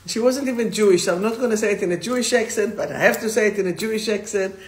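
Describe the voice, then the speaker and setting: A woman's voice: medium pitch, fast talker, hardly any pauses, a little mellow. A woman hosting a live stream as a spiritual coach, talking casually and rambling, greeting viewers by name as she goes. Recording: roomy echo.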